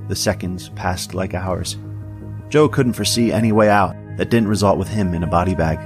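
A man narrating a story in an even, measured audiobook style. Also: low-pitched, over music.

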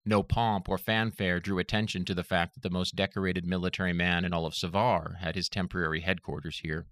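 A man narrating an audiobook in a steady, even reading voice. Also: low voice, fairly quick, dry recording.

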